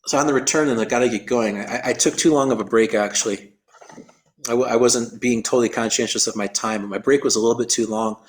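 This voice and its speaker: A man with a middle-pitched voice recounts an endurance race in an interview. He often restarts and repeats his words, and he explains things in a careful, technical way. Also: fairly even intonation, fast. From United States. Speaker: endurance athlete guest. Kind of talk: storytelling interview.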